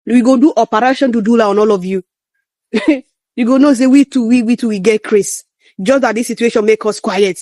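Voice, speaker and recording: A man giving animated commentary, mixing in Pidgin as he rants. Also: very high voice, a little fast, no room sound. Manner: emphatic, animated, Pidgin-mixed ranting. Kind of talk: commentary video.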